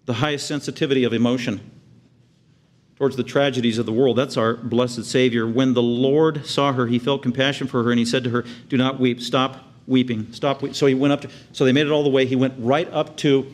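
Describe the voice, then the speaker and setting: A man preaching a sermon with earnest conviction, dropping to hushed tender lows and rising to loud, excited highs as he acts out the scene. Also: fast talker. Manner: acts out the crowd's outraged reactions in a raised voice. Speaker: pastor.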